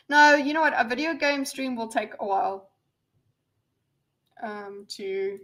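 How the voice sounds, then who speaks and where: Woman streamer chatting w her viewers, kinda high voice, lots of ums and trailing off. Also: steady tone, measured pace, a bit bright. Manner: rambling, reads chat aloud, frequent fillers and restarts. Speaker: livestream host. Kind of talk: casual livestream chat.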